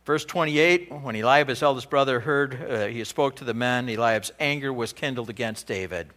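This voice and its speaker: A male pastor preaching a sermon in an animated, conversational way. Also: mid-range voice, moderate pace.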